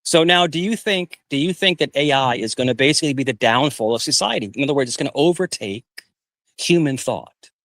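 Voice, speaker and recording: A man arguing on a live panel over a video call, taunting and repeating himself in a mock-calm way. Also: medium pitch, brisk, no echo. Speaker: panel guest. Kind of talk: heated argument on a live panel.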